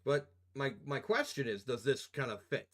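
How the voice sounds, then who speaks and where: A man's voice: medium pitch, very animated, moderate pace, faint music behind. A young man live-streaming as he edits video, chatting casually with his viewers in a rambling, profane, joking way and often laughing.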